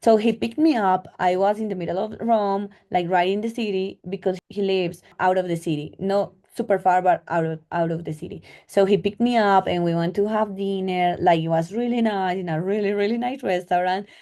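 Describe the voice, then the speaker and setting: Chatty Colombian woman, mellow voice. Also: medium pitch, fairly even intonation, a little fast, hardly any pauses. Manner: chatty, many "like" fillers, acts out dialogue. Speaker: travel vlogger. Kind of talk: casual storytelling.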